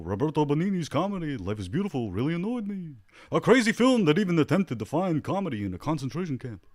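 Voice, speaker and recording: A man's voice: on the low side, no room sound, clean studio sound, lightly acted. A man doing an impression of an indignant older male comedian-rabbi, reading out complaints in an exasperated tone.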